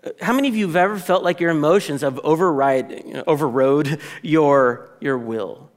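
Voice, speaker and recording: Animated, conversational man preaching. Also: a little high, normal speed. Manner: conversational, animated, self-interrupting, with playful quoted asides. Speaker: pastor. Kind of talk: sermon.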